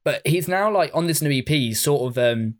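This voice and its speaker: A man's voice: a little high, expressive, brisk. A man from England co-hosting a podcast, chatting casually and enthusiastically, rambling with fillers and swearing. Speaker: podcast co-host. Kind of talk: casual chat.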